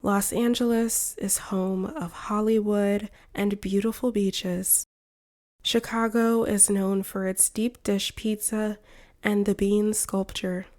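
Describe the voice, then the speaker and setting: A woman from the United States narrating a slow, scripted English lesson for beginners in a clear, careful way. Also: medium pitch, little pitch movement, a little mellow. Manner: clear, careful and evenly paced. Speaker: English teacher.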